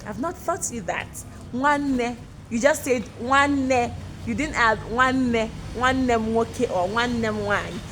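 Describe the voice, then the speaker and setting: A woman teacher leads a playful beginner language lesson with a fairly high voice. She speaks very slowly, drawing each word out and repeating it for her learners. She is recorded outdoors with faint noise behind her. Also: fairly bright tone. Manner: slow, drawn-out, repeats words for learners.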